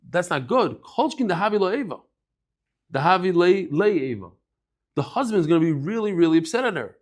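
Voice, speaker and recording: A man giving a daily Talmud lecture, conversational and lively, acting out bits of dialogue as he explains with everyday examples. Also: fairly high pitch. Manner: lively, acts out dialogue in quick asides. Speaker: Talmud teacher.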